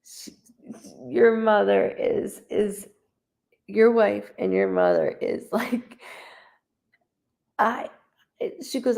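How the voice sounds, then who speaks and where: A woman's voice: medium pitch, sing-song, slow pace, vocal fry, dark tone. A woman giving a live psychic reading, talking in an emotional, conversational way and relaying messages as quotes. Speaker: psychic medium.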